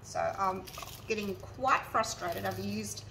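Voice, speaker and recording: Speaking slowly in a creaky, mid-range voice, an Australian woman demonstrates resin art in a relaxed tutorial, chatting with viewers and describing each step as she goes. She sits a little away from the mic, and faint background hiss runs beneath her.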